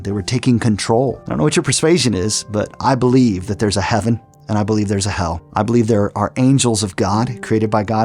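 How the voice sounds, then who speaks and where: A middle-aged man telling his personal testimony in an earnest storytelling way, with frequent restarts. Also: lowish voice. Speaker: testimony speaker. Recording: soft music underneath.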